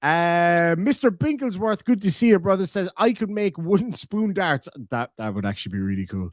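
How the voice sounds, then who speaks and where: A man's voice: high-pitched, very animated, normal speed, no echo, clean studio sound. A man with a Cork Irish accent chatting on a live stream, reading donations and reacting with sweary, joking banter.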